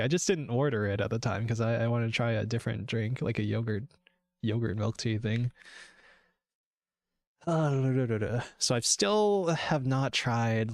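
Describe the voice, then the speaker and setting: A chatty man talking to his stream while he builds a game, wandering off on tangents with plenty of swearing and laughter. His voice sits at an ordinary middle pitch. It is recorded close and dry, with no room sound around it. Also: no echo. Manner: rambling and chatty, swears freely, laughs often. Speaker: VTuber game developer streamer. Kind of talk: casual live-stream chat.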